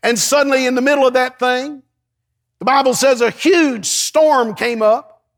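A man preaching with a strikingly high voice, fervent and rising to shouts at his peaks. He sounds middle-aged and calls out to the congregation as he preaches. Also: fairly even intonation, normal speed. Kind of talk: sermon.

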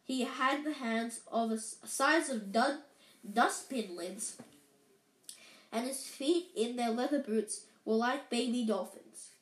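A woman's voice: a little high, takes it slowly, a bit bright. Woman reading a storybook, stumbling. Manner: stumbling, self-correcting, unpolished. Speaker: reader. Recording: echoey room.

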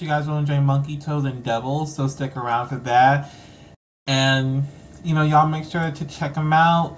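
A woman's voice: rumbling low, slight background noise. A woman hosting a podcast, wrapping up an episode in a rambling, playful way with lots of fillers. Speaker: podcast host. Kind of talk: casual sign-off chat.

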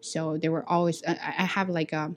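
A woman with a Chinese accent hosts a casual solo podcast, speaking frankly and with plenty of energy. Her voice sits a little on the low side, and she often breaks into a laugh mid-thought. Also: level tone, moderate pace, slight background noise. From China. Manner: candid, outspoken, laughs while telling stories. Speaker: podcast host, ESL teacher.

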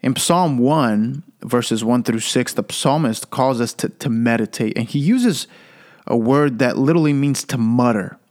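A man's voice: medium pitch, unhurried, darkish tone. A man hosting a Christian podcast, giving an earnest devotional teaching and repeating key phrases for emphasis, with occasional stammered restarts.

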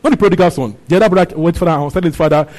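Racing through a sermon on a Bible passage, a man with a somewhat high, darkish voice keeps repeating phrases and asking the congregation questions. The recording is rough.

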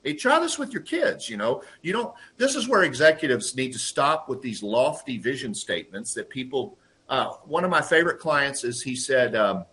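A man in a conversational interview, telling workplace stories and acting out quotes in lively voices. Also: medium pitch, normal speed. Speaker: guest, lean process consultant and trainer.

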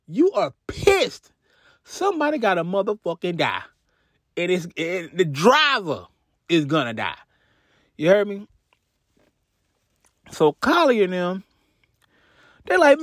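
Texan podcast storyteller, profane and lively, pitch all over the place, dry sound. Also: male voice, no room sound. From Houston, Texas. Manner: animated, profane, swings into character voices. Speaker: podcast host.

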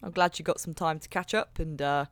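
Excitable player. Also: mid-range voice, a little fast, no echo. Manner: excitable, laughing.

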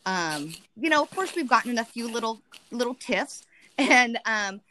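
A woman's voice: on the high side, very animated, normal speed, bright, forceful tone, a little hiss or hum. A woman talking candidly and emotionally in a casual chat, rambling with many restarts.

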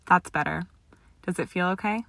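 A woman reading the part of a caring young witch in an audiobook, gentle but firm. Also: on the low side, moderate pace, vocal fry, no echo.

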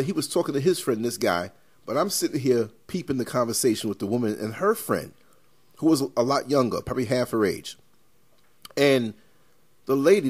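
A man hosting a podcast, telling stories in an animated, emphatic and rambling way. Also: mid-range voice, breathy edge. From New York. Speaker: podcast host. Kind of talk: casual podcast chat.

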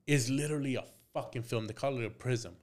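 A man's voice: medium pitch, quick pace. A man, a tattoo artist guest on a podcast, telling a story casually with lots of swearing and sudden switches into Spanish. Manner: profane, switches into Spanish mid-sentence.

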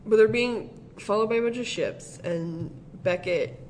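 A man's voice: high voice, unhurried, slight background noise, rough recording. A man co-hosting a podcast, rambling through a film recap in casual chat and laughing often. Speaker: podcast co-host.

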